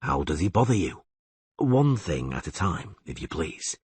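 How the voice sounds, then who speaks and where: Guy doing calm patient monster hunter, low husky voice, dry. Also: dry recording, full character voice. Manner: calm, level, measured.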